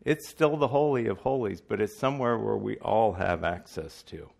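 A male preacher with a low, gravelly voice delivers his sermon in an easy, conversational way. He stops now and then to restart, find his place, or ask for patience. The tone stays relaxed. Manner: conversational, halting, self-deprecating.

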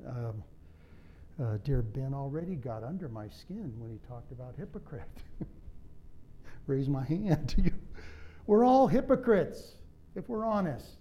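A man's voice: mid-range voice, very animated, unhurried, long pauses, mellow, lo-fi sound, slight background noise. A middle-aged man preaching a sermon in a conversational way, with humorous asides and personal stories. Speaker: pastor.

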